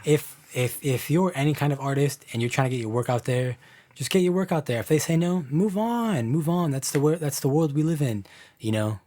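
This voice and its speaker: A man's voice: fairly high pitch, fairly quick, dark tone, dry recording. A man talking as a guest artist in a casual podcast chat, upbeat and encouraging, often repeating phrases.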